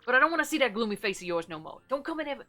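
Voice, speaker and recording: A woman voicing a gruff old male mafia boss in a game, with a put-on gangster drawl and a clipped, bossy manner. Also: on the high side, very animated, racing, pushed and bright, soft background music.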